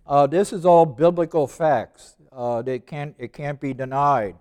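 A man's voice: fairly high pitch, steady tone, a little mellow, clean tone. Older preacher in his seventies, emphatic. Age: 70s. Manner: emphatic, repeats key words, slows down to read verses. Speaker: preacher teaching evangelism. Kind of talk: sermon.

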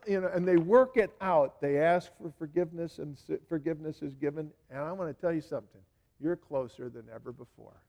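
A man's voice: fairly high pitch, fairly quick, gravelly, mellow. A male pastor giving a sermon in a conversational way, full of "you know" asides and words repeated for emphasis.

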